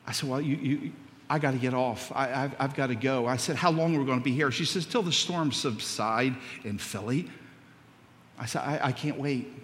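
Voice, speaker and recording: A man's voice: mid-range voice, normal speed, a bit bright. A male pastor preaching a sermon, telling a story and acting out the dialogue before building to emphatic preaching. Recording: long hall reverb.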